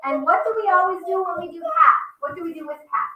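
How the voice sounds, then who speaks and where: A woman's voice: very high-pitched, fast, recorded from a distance, highs cut off. A woman teaching a children's yoga class over a video call, coaxing and upbeat as she talks straight to the kids and reads them a story. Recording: roomy echo.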